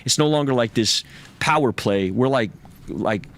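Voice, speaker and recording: A man's voice: medium pitch, moderate pace, a bit bright. A man as an interview guest, telling a personal story candidly, raw and profane and intense, and he acts out what other people said.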